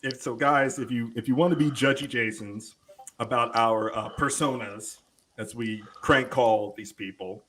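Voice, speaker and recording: A man joking loudly and crudely during a casual panel-show chat. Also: mid-range voice, fairly even intonation, moderate pace, a little hiss or hum. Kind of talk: casual banter.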